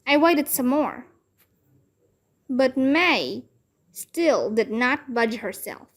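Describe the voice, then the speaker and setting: A woman narrating a children's chapter book aloud in a clear storytelling manner. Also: high voice.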